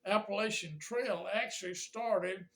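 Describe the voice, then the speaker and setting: Older pastor, rambly folksy storytelling, kinda high voice. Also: male voice, a little slow, fairly bright tone. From Georgia, USA. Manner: folksy, rambling, with frequent fillers and restarts. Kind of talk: casual reminiscing monologue to camera.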